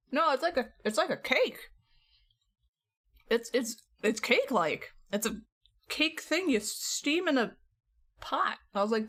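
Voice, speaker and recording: A woman's voice: a little high, lively intonation, normal speed, fairly bright tone. A woman streamer chatting casually with her viewers from home, rambling along and laughing often.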